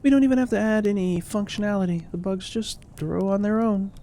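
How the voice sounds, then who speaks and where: A man's voice: high voice, fairly quick, warm tone, a little hiss or hum, pitched above the performer's own voice. Man doing a dreamy ex-romance novelist woman. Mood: wistful. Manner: dreamy, rambling, self-mocking. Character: wistful middle-aged woman, former romance novelist.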